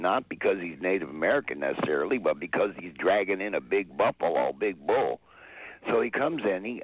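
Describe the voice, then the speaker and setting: Male caller, deep and husky, lively storyteller on a muffled phone line. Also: no echo. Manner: chatty storyteller, laughs at own jokes. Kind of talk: telling a joke on a call-in show.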